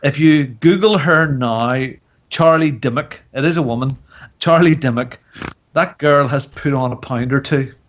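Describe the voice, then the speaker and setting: A man's voice: medium pitch, unhurried. A man hosting a podcast in casual chat, joking and teasing as he rambles through topics. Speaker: podcast host. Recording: dull lo-fi audio.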